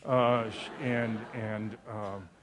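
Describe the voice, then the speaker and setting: A male pastor preaching a sermon, telling a funny story in an animated way, full of stammers and restarts, and poking fun at himself. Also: lowish voice, extremely slow, background noise.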